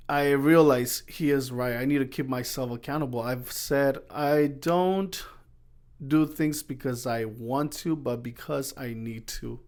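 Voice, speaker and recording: A young man talks through his week on his own podcast in a loose, rambling way, in a voice of ordinary pitch for a man. He often stops to correct himself and acts out what he and others said. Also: clear, resonant tone. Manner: rambling storyteller, self-correcting, acts out quoted exchanges. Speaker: podcast host. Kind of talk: casual solo podcast chat.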